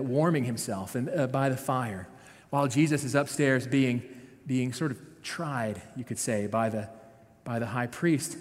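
A man, a pastor, giving a conversational sermon, retelling a story with frequent "right?" asides. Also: fairly high pitch. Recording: long reverb of a large hall.

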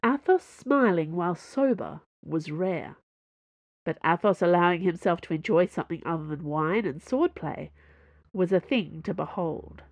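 Woman audiobook narrator, lowish voice with a lively melody, close and dry. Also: moderate pace, no room sound. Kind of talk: scripted narration.

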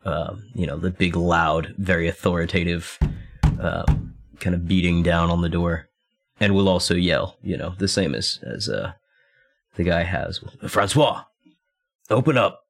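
A man's voice: low-pitched, measured pace, gravelly, a little hiss or hum. A man playing an investigator in a tabletop game, easygoing and hesitant with many fillers. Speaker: player. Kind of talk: casual tabletop play.

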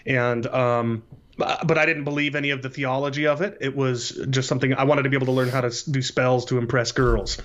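A man's voice: mid-range voice, steady tone, fairly bright tone. Earnest man telling his story, slightly muffled. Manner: earnest, measured, thoughtful storytelling. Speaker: podcast guest. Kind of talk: casual interview, telling his life story. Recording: slightly dull lo-fi audio.

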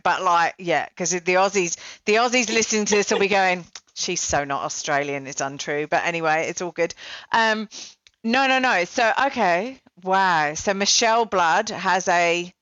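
Woman podcast host, casual and self-deprecating, low voice, dull lo-fi recording. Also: fairly bright tone, no room sound. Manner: chatty, self-deprecating, many fillers. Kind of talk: casual interview chat.

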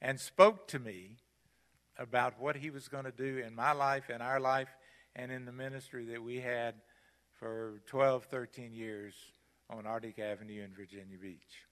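A man's voice: medium pitch, steady tone, normal speed, a bit bright. An older man preaching a sermon in a church, emphatic and repeating his key phrases. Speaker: guest preacher. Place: church sanctuary. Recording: long hall reverb in church.

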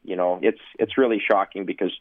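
A man spins sports-broadcasting anecdotes over a tinny, phone-like line, his voice low and close. He rambles, packs his talk with fillers and keeps breaking into laughter. The sound is dry, with no room around it. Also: steady tone, fairly quick, no room sound. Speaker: former sportscaster, guest. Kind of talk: anecdotal storytelling.

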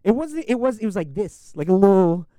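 A man's voice: high-pitched, sing-song, a little fast, crowd noise. A young man telling a long story in casual chat, rambling with lots of filler words and swearing. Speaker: podcast host.

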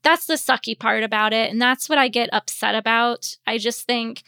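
A woman's voice: fairly high pitch, normal speed, bright, forceful tone, clean tone, no echo, studio quality. A woman in her forties, a podcast host, telling a personal story in a candid, rambling way, a little sleepy and yawning. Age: 40s. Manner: candid, rambling, with many fillers.

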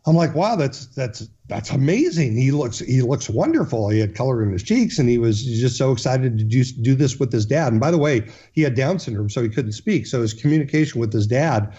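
A man's voice: mid-range voice, a little fast, hardly any pauses, mellow, breathy edge, dull audio. Earnest man telling a heartfelt story. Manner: earnest, with frequent restarts and fillers. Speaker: guest.

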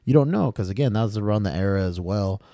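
Deep-voiced man hosting a casual podcast. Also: expressive, quick pace, warm tone, dry recording, studio quality. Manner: laid-back, rambling, slangy. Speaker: podcast host. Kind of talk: casual movie chat.

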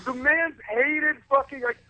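A man's voice: sits high, fairly quick, sharp tone, no room sound. A man calling in as a guest on a casual podcast, ranting with heavy profanity about things he hates. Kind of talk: casual wrestling podcast chat. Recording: muffled phone-line sound.

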